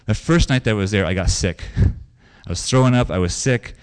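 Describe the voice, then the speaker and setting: A man's voice: lowish voice, moderate pace, clean tone. A man preaching a sermon in a conversational way, telling stories and repeating phrases for emphasis. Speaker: pastor.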